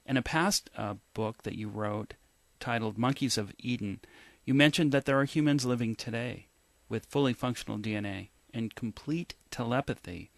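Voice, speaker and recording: A man's voice: medium pitch, moderate pace, vocal fry, no echo. A man hosting a radio interview, asking prepared questions and giving brief affirmations. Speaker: radio host.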